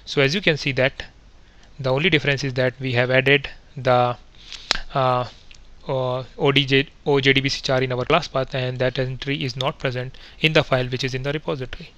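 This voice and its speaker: A man with a bright, forceful voice talks through a coding tutorial step by step. He is methodical and pauses on fillers, often correcting himself as he goes. His pitch sits in a middle register. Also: level tone. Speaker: software testing instructor. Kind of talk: screen-recorded coding tutorial.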